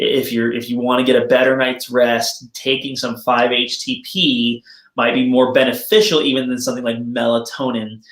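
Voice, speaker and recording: A man's voice: mid-range voice, a bit bright. Man giving a casual health talk, roomy sound. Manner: friendly, explanatory, self-joking. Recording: roomy echo.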